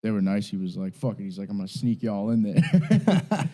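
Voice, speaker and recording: A man's voice: fairly low pitch, normal speed, low-quality recording. A man from New England, co-hosting a podcast and telling stories with lots of swearing. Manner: animated storytelling, swearing, laughing. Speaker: podcast co-host. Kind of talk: casual chat.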